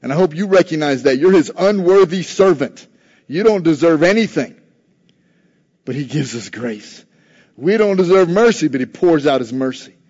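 A man's voice: a little high, animated, normal speed, a little mellow, lo-fi sound. A man preaching a sermon in an earnest, conversational way, acting out quotes from scripture. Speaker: pastor.

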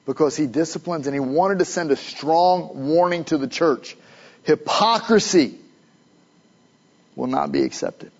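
High-voiced man preaching a sermon. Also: measured pace, dull audio. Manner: emphatic preaching, rising to urgent questions. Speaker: pastor.

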